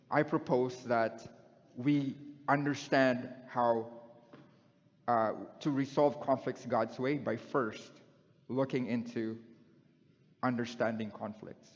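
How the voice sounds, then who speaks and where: Man preaching in an echoing church hall. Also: medium pitch. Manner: conversational, asks the congregation questions. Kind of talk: sermon. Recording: dull sound in a long-echoing hall.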